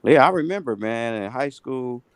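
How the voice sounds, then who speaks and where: A man in his late thirties telling stories in a relaxed, slangy podcast chat. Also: mid-range voice, moderate pace, clear, resonant tone, dry recording, studio quality. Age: 30s. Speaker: podcast co-host.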